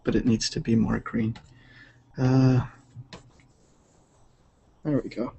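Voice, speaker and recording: A man's voice: medium pitch, flat delivery, slow, gravelly, warm tone, highs cut off, slight background noise. A man chatting casually while drawing on a livestream, laid-back and rambling with many fillers. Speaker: digital artist streaming.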